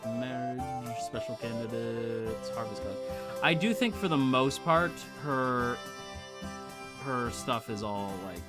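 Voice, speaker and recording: A man's voice: mid-range voice, takes it slowly, over loud music. A man streaming a farming game, chatting casually in a rambling, slangy way with lots of fillers. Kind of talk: casual let's-play commentary.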